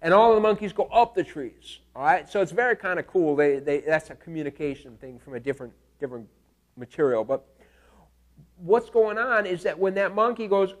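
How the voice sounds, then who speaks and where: Male instructor, light high voice, relaxed classroom lecture, animated storyteller who keeps asking "all right?". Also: a little fast. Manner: animated storytelling, acts out screams and animal calls; casual, checks in with "okay?" and "all right?". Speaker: teacher.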